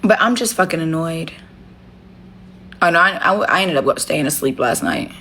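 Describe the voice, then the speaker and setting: A woman's voice: low-pitched, expressive, normal speed, pushed and bright, slight background noise. A woman talking casually and bluntly to viewers on a phone livestream from her home, with plenty of swearing. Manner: blunt, profane, talks straight to viewers. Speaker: livestream host.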